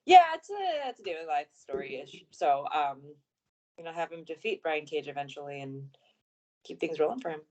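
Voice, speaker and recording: A woman's voice: low-pitched, very animated, moderate pace, a little mellow. A woman co-hosting a casual wrestling podcast, thinking aloud with hesitant fillers. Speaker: podcast co-host. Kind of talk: casual wrestling news chat.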